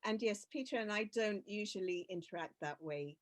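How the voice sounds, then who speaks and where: A woman's voice: medium pitch, normal speed, slight background noise. A woman facilitating a conference session on a video call, upbeat and friendly, with easy laughter. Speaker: facilitator and consultant.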